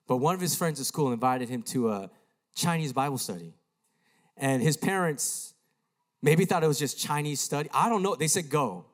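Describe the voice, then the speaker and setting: A man preaching a sermon as a pastor, telling a story and acting out the voices of the people in it. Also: medium pitch. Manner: animated, acts out quoted voices. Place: church sanctuary.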